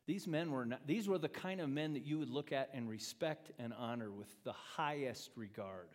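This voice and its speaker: Animated male pastor in an echoing hall. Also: on the high side. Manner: animated, acts out quoted speech, swings from loud to quiet. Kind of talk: sermon. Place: church sanctuary. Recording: long reverb of a church hall.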